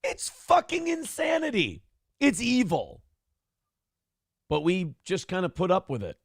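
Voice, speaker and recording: This is a man hosting a morning talk show who rants and swears as he talks. His voice sits high for a man and has a gravelly edge. The room sound is dry. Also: wildly swooping pitch, measured pace, no echo. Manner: profane, ranting. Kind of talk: casual talk show banter.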